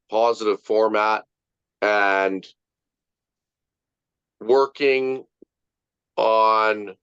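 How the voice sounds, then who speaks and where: A man's voice: medium pitch, fairly bright tone, smooth, no room sound. A man leading a casual motivational group talk, emphatic, swearing freely and repeating his points. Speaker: group leader. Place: online video meeting. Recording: muffled dry video call recording.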